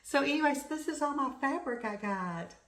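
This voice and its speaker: A middle-aged woman from the United States, hosting a crafting vlog and chatting excitedly about her shopping. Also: high-pitched, moderate pace. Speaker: flosstube host. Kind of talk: casual crafting vlog chat. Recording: echoey room.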